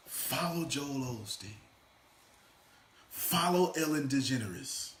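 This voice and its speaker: Male motivational coach, animated and bright, lively pitch, echoey room. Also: slow pace. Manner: animated, swings from loud shouts to quiet asides. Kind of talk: energetic motivational teaching. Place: room with a small live audience.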